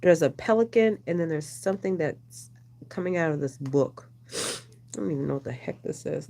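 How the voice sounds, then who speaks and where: A woman's voice: sits low, lively intonation, normal speed, mellow. A woman doing a casual, rambling oracle card reading, chatting with her viewers as she goes. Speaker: tarot reader.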